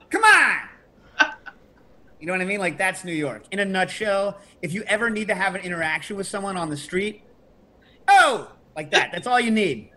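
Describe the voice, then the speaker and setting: Animated middle-aged man, lively storyteller. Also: high voice, quick pace, few pauses, slight background noise. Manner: animated storytelling, mimics loud New York shouts. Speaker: podcast host. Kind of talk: casual chat.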